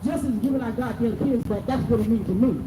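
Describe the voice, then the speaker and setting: A middle-aged mother who has lost a child speaks to a crowd at a protest outside city hall, her speech raw and furious. Her voice is on the high side and she talks quickly. The recording is distant, echoey and noisy.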